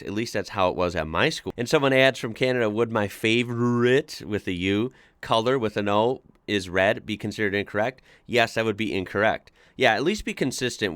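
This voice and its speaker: A man's voice: on the low side, fairly bright tone, clean tone, dry recording. A man from the United States hosting a casual online reaction video, reading forum posts aloud and chatting about them with many filler words. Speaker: YouTube reaction host.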